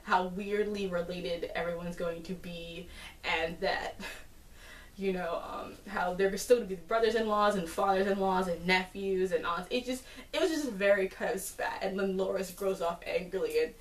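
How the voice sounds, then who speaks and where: A woman giving a casual, chatty episode recap, full of fillers and animated asides. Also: medium pitch, moderate pace. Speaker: TV episode reviewer. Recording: roomy, distant from the mic.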